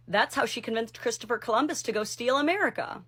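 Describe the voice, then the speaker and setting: A bright-voiced woman delivering punchy scripted commentary. She sounds sassy and sarcastic, and she leans hard on her words. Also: a little high, quick pace, breathy edge. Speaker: video commentator.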